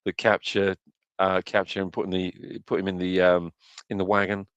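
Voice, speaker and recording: A British man co-hosting a podcast, chatting casually with a dry, halting delivery. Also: sits low, flat delivery, clear, resonant tone, no room sound, highs cut off. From Britain. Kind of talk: casual chat.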